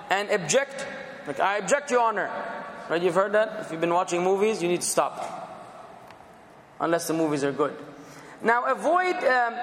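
A man teaching a class, stretching out word contrasts with emphasis and occasional bursts of fervor. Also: sits high. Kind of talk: classroom lecture on English for preaching. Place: lecture room. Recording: echoey room with long reverb.

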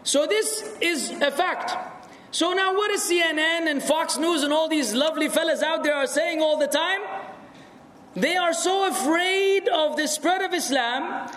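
A man answering audience questions in a talk, animated and rhetorical, sometimes raising his voice. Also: extremely high pitch. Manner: animated, rhetorical, rising to shouts. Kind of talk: lecture Q&A with anecdotes. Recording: echoey hall.

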